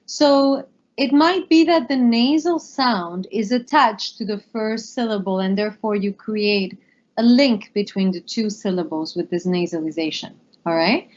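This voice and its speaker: A woman's voice: medium pitch, a little slow, darkish tone. A woman co-teaching a pronunciation lesson, giving fluent, encouraging explanations. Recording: dull lo-fi recording.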